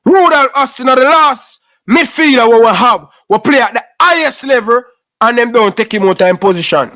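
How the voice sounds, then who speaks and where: A man's voice: very high voice, lively intonation, moderate pace, pushed and bright. A Jamaican man giving an impassioned, preachy rant in patois, scolding young footballers and repeating his points.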